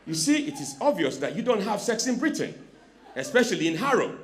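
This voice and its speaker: A man performing stand-up comedy on a club stage, teasing the audience and swinging between hushed asides and sudden shouts into a handheld mic. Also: high-pitched, very animated, brisk.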